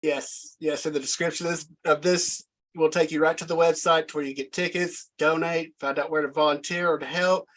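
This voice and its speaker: A man's voice: fairly high pitch, level tone, brisk, fairly bright tone, low-quality recording. Man hosting a casual chat. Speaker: talk show host. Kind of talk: casual online interview.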